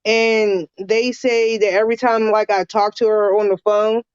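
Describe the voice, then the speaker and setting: A woman guest chats on a livestream, rambling a little and laughing easily. Her voice sits at an ordinary pitch, dry and close. The call audio is dull and lo-fi. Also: level tone, a little slow, smooth, no echo. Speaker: guest, viewer. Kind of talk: casual livestream chat.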